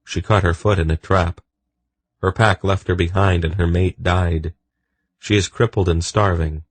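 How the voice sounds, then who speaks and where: A man's voice: sits low, fairly even intonation, measured pace, dry recording. A man voicing an earnest, protective young man in wolf form who speaks insistently in an audiobook.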